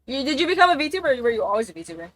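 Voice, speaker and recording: A woman's voice: high voice, very animated, racing. A young woman streaming a game, chatting casually, swearing, laughing and exclaiming as she plays.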